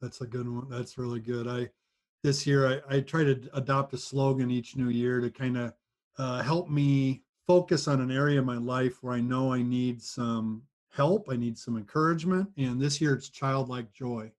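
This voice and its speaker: A man's voice: medium pitch, fairly even intonation, normal speed. A man hosting a podcast, chatting casually and encouraging his guests. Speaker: podcast host. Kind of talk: casual interview chat.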